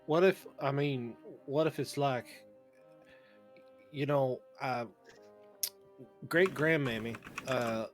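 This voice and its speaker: A man playing a tabletop game, rambling in a halting, folksy way with many fillers. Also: mid-range voice, faint music behind. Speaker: player. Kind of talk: casual chat in a tabletop game.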